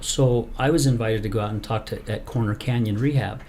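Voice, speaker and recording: A man hosting a podcast in casual chat, telling a story with animated energy and acting out the quoted lines. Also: medium pitch, normal speed, slight background noise. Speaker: podcast host.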